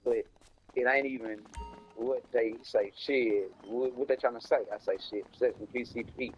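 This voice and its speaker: A man's voice: mid-range voice, fairly even intonation, normal speed, muffled recording, soft background music. A man casually telling a long rambling story, repeating himself and cursing, in slangy talk. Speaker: storyteller streaming a game.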